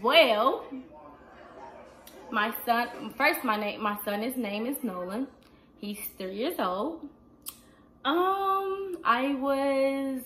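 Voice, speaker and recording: Seorang wanita berusia dua puluhan menjawab pertanyaan penonton dengan santai di rumah, sering memakai "like" dan "um". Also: female voice, high-pitched, a bit bright, a little hiss or hum. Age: 20s. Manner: chatty, fills with "like" and "um". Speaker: vlogger. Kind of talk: casual Q&A vlog. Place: indoors at home.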